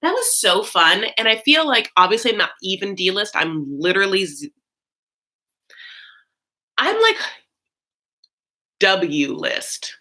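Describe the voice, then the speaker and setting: A woman hosting a casual chat, talking loosely with many fillers and swinging between high and low. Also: moderate pace, few pauses, sharp tone. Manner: chatty, swoops high and low, frequent fillers; campy, calls listeners honey. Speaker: host.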